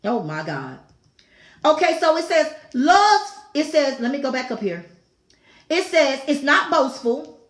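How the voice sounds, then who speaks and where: A woman's voice: high voice, sing-song, unhurried, fairly bright tone. A woman hosting a talk show, giving a fervent, preaching-style devotional talk with repeated phrases and exclaimed asides. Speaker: talk show host teaching scripture. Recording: echoey room.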